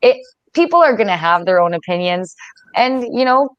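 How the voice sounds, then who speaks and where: A woman's voice: medium pitch, big pitch swings, normal speed, a bit bright, clear, resonant tone, no echo, dull audio. A young Canadian woman in her twenties, a wrestler chatting candidly in an interview and laughing often. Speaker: wrestler guest. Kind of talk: casual interview chat.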